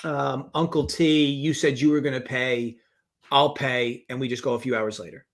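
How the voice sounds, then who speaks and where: A man's voice: mid-range voice, steady tone, moderate pace. A man hosting a sports betting show, talking in a laid-back, casual way with short, dry replies. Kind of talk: casual chat.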